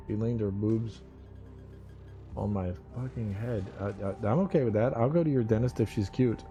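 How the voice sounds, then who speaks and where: A man hosts a loose morning livestream and talks straight to his viewers. His voice sits low and sounds mellow and warm. He rambles, teases his regulars and drops casual profanity, with faint music playing in the background. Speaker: livestream host.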